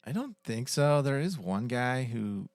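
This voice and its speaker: A man co-hosting a podcast, explaining facts at length in a relaxed, casual chat. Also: medium pitch, a little slow, no echo, studio quality. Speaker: podcast co-host.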